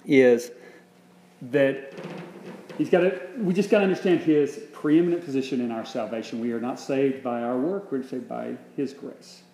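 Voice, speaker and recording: A dark-toned, mid-range male voice at a moderate pace delivers a conversational sermon from a church sanctuary. The minister keeps restarting and posing rhetorical questions, and the very echoey room adds a faint hum to the recording.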